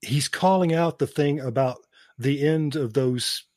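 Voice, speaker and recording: A man's voice: medium pitch, a little slow, a little mellow, no room sound, clean studio sound. A man who teaches cinema, chatting on a podcast and telling film history like a lecturer, laughing between his points. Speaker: podcast co-host; cinema professor. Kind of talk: casual chat.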